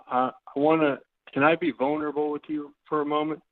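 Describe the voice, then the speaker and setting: A man's voice: a little high, a little fast. A man calling in to a talk show, playfully using folksy old-timey Southern sayings while he quizzes the host. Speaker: caller. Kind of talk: phone-in call. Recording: tinny phone line.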